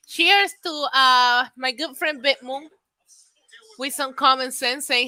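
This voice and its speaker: A woman's voice: sits high, lively intonation, moderate pace, sharp tone, no echo, poor audio. A young woman hosting a live wrestling watch-along, reacting bluntly with profanity and laughter and reading out viewer messages. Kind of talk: casual live reaction commentary.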